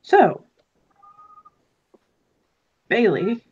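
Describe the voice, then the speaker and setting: A slow, hesitant host running a tabletop role-play session, stumbling through fillers and restarts as they set up each scene. The recording is dull and lo-fi, like a modest home setup. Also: mid-range voice, big pitch swings, darkish tone, husky. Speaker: host and player. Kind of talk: casual tabletop game chat.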